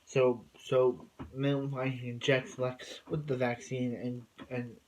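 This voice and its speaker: A man talks through a TV episode in a loose, rambling recap. He keeps circling back with fillers and restarts. His voice sits at an ordinary middle pitch. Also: level tone, slow, a little hiss or hum, low-quality recording. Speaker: TV episode reviewer.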